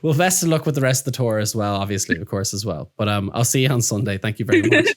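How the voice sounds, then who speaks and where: Irish male podcast host, animated pitch, laughs a lot, casual. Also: fast. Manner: lively, laughs often, swears casually. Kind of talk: casual interview chat.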